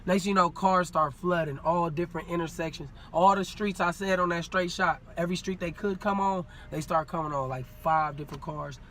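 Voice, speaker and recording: A man tells a story in a loose, casual way, full of slang. He acts out what others said, in a high, bright voice. A faint hiss sits under the recording. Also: brisk, few pauses. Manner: animated, acts out quoted dialogue, street slang. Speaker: podcast guest.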